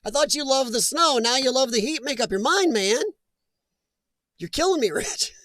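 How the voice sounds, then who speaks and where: Chatty high-voiced man streaming. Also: animated, moderate pace, fairly bright tone, no echo. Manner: chatty, laughs often, talks back to chat. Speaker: live stream host. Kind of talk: casual live-stream chat reading comments.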